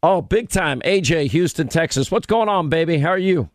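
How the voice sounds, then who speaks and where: A man's voice: fairly high pitch, animated, moderate pace, no echo. A male talk radio host bantering with his staff and callers in a brash, joking way on a studio mic.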